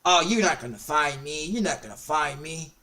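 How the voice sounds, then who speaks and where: A man's voice: on the high side, animated, moderate pace, bright, forceful tone, recorded from a distance. A man quoting a nervous young male police officer, stammering and defensive. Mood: dismissive.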